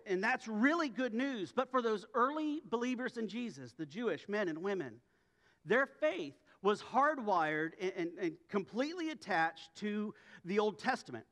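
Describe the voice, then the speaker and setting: A man's voice: high-pitched, very animated, moderate pace, a bit bright. A man preaching a sermon as a pastor, in a conversational way with joking asides. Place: church sanctuary. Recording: long church reverb.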